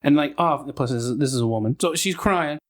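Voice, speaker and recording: A man in his thirties co-hosting a casual podcast, with a voice pitched a bit higher than most men. He tells stories with plenty of swearing and jumps into the voices of the people he quotes. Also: fairly quick. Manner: profane, animated storyteller acting out quoted people. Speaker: podcast co-host. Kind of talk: casual chat, storytelling.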